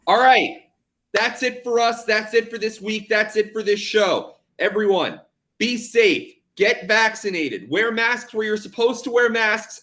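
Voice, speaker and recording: A young man co-hosting a casual betting podcast, energetic and jokey, hyping things up as he talks. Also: high-pitched, a little slow. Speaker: podcast co-host.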